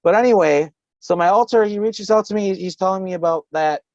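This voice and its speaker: A man's voice: high voice, fairly quick, a little mellow, no echo. A man telling a long story as a podcast guest, rambling and swearing, often breaking into laughter. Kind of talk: casual storytelling. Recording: dull lo-fi call audio.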